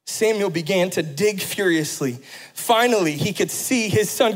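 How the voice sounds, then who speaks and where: Impassioned male pastor, fairly high voice. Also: expressive, measured pace, low-quality recording. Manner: impassioned, rising emphatic preaching. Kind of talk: sermon with storytelling.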